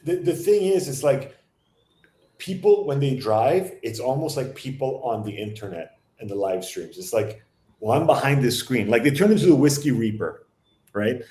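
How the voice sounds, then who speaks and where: A man telling a story on a casual panel chat, animated and profane. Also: mid-range voice, moderate pace, reverberant. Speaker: podcast panelist.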